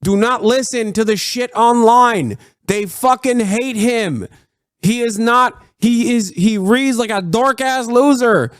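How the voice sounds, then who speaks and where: Profane, excitable male streamer. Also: very high voice, slow, smooth, no echo, studio quality. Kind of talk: live stream commentary.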